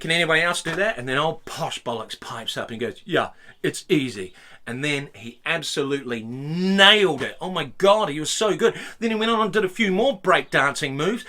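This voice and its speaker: A man telling a stand-up story with animated swings between loud outbursts and low mutters. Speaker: stand-up comedian.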